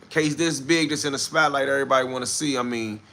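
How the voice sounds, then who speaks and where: Gravelly slangy man talking on a livestream. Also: mid-range voice, steady tone, fast talker, bright, forceful tone, a little hiss or hum. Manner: loose slangy commentary, greets viewers. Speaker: livestream host. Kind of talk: casual live-stream talk reading chat.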